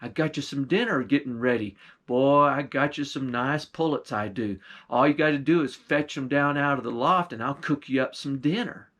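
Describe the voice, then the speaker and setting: A man's voice: medium pitch, moderate pace, close to an everyday voice. A man voicing a scheming giant old woman who whispers her plots and shrieks when angry. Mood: hushed scheming. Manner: hushed and conspiring, then shrieking.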